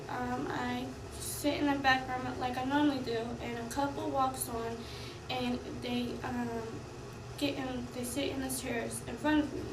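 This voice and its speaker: A young woman, a college student, giving a rushed, upset retelling of an incident. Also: sits high, reverberant, recorded from a distance, noisy background. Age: young adult. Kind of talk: recorded personal account.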